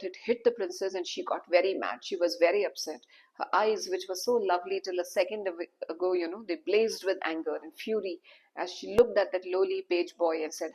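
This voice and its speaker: Lady storyteller, husky voice, chatty asides, mid pitch. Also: poor audio. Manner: animated, conversational asides. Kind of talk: storytelling narration.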